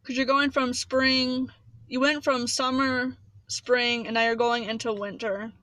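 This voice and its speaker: High-voiced passionate spiritual vlogger woman. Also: level tone, unhurried, bright, forceful tone, dry recording. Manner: passionate, rambling, repeats phrases for emphasis. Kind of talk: casual motivational talk to camera.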